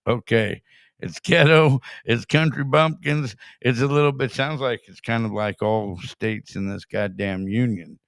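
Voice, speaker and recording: A man's voice: medium pitch, unhurried, vocal fry, fairly bright tone, no echo, clean studio sound. A man hosting a casual chat show, blunt and swearing freely. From California. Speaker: show host.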